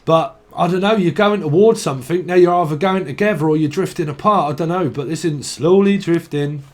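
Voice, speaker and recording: A man's voice: a little high, darkish tone. A man rambles through a tarot reading, swearing freely and drifting off on tangents. His voice sits a touch above the usual male range. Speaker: tarot reader.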